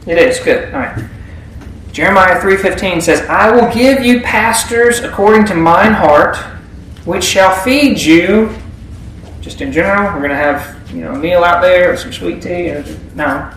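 A man with a high voice delivers a sermon to his congregation. He keeps it conversational and keeps asking them questions. His words ring through a very echoey church with a faint hiss behind them. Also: unhurried, a bit bright, far from the mic. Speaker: preacher. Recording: very echoey room.

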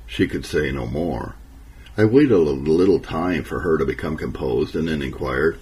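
Male audiobook narrator, earnest and measured, very low voice, lively intonation. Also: creaky, slight background noise, rough recording. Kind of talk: audiobook narration of an old memoir.

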